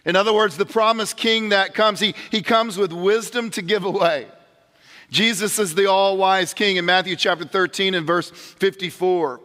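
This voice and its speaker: A man delivers a sermon as pastor in a large church sanctuary, speaking earnestly to the congregation and often restarting his words. His voice sits high and bright. Long reverb from the hall trails behind every phrase. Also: steady tone, moderate pace. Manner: earnest preaching with restarts and direct address.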